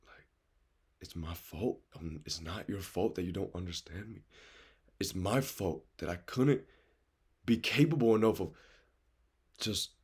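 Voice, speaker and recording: Husky, earnest man speaking bluntly. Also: low voice, unhurried, pauses often, a little mellow. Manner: earnest, raw and blunt, swears freely; speaks straight to the listener with urgent conviction. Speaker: vlogger giving life advice. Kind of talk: confessional motivational monologue.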